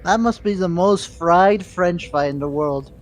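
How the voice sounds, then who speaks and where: Man, high voice, casual gaming chat, rambling, swears. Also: unhurried. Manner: loose, rambling, laughs and swears. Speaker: guest in voice chat.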